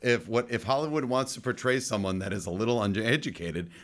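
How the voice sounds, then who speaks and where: A man's voice: fairly low pitch, fairly quick, a bit bright. A man hosting a casual movie podcast, telling a rambling story with jokey asides. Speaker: podcast host. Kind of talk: casual chat.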